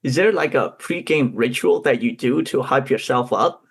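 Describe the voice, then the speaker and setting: A man's voice: mid-range voice, animated, normal speed, husky. Male podcast host, mid-range voice, plain friendly interviewer. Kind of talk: interview questions.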